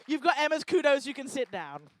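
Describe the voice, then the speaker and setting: A woman with a high-pitched, fairly bright voice works the crowd at a live event in a lecture hall, teasing people stand-up style. She's very animated and fairly quick, on a dry recording.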